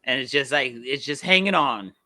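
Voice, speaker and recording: A man co-hosting a podcast, talking sports in a casual, animated way and laughing easily. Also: mid-range voice, normal speed, no room sound, clean studio sound. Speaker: podcast co-host.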